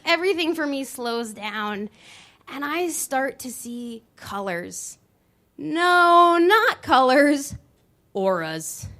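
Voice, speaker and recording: A woman telling a personal story on stage at a live show, animated, with dramatic pauses and voice shifts. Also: fairly high pitch. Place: dance studio venue, live show.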